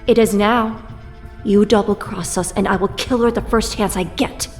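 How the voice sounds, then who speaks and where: A woman's voice: mid-range voice, steady tone, normal speed, faint music behind, natural voice. A young woman voicing a fierce, weary young woman hero in an audio drama, blunt and defiant.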